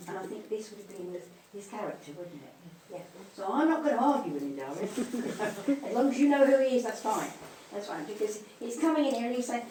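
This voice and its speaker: Woman medium doing readings in a church hall, calls folks darling, mid pitch, echoey and off mic. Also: expressive, a little fast, hardly any pauses, crowd noise. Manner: tender, calls people darling and sweetheart, laughs often. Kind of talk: live mediumship demonstration. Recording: echoey hall, distant mic, faint noise.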